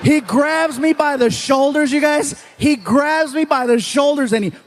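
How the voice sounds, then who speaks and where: A high-pitched man performing stand-up comedy. He tells his stories with animated energy and slips into quick voices for the people he quotes. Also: background noise. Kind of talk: stand-up storytelling. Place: comedy stage before a live audience.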